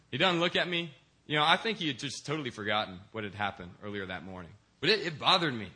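A man's voice: medium pitch, animated, quick pace, bright, forceful tone, a little hiss or hum. A young man, a deacon, preaching a sermon in a church and telling stories with acted-out voices. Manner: storytelling, acts out quoted voices. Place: church in Korea.

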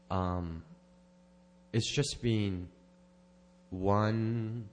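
A man's voice: on the low side, animated, normal speed. A man sharing a personal testimony at church, rambling and correcting himself, with small laughs. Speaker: church member giving a testimony.

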